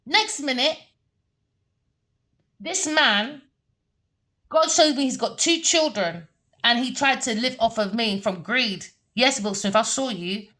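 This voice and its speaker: A woman rants through a tarot reading, her fairly high voice heated and full of curses. She repeats herself and scolds the people she talks about. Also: slow, long pauses, sharp tone. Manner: heated, cursing, repetitive. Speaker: tarot reader.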